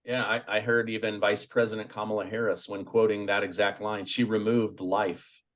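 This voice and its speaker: Calm low-voiced male interviewer. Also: moderate pace. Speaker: interview host. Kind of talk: interview questions.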